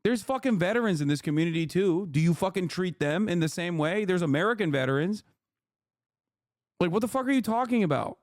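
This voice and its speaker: A man's voice: sits high, animated, fairly quick, no echo, clean studio sound. A man hosting a livestream, lecturing his chat in an exasperated, profane rant. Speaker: livestream host.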